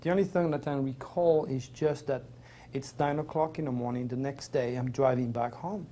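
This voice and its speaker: A man's voice: medium pitch, steady tone, normal speed, warm tone, slight background noise. A middle-aged man with a French accent, a native French speaker, tells a personal story as an interview guest in an earnest, rambling, emotional way. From Provence, France.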